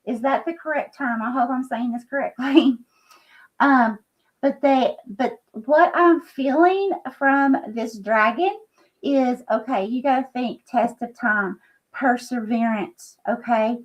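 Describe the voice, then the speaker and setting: A woman giving an earnest, halting psychic reading on a live stream, full of fillers and check-ins. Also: fairly high pitch, lo-fi sound. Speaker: psychic reader using scrying.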